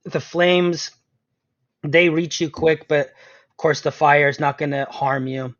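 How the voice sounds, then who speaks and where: A man's voice: fairly high pitch, steady tone, unhurried, a bit bright, dry recording. Man running a tabletop game, lo-fi. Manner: chatty, laughs often, fills with um. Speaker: game master. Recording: dull lo-fi sound, dry room.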